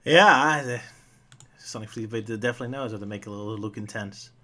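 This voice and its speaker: Guy hosting a comic chat, bright voice, laughs a lot, playful. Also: on the low side, brisk. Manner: laughs often, playful jokey asides. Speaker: podcast host. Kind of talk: casual comic review chat.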